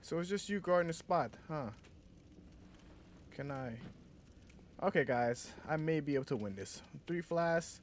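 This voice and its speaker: A man giving casual gameplay commentary, cursing and trash-talking enemies, with sudden high outbursts. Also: animated, a little slow, pauses often, slight background noise. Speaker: gameplay streamer.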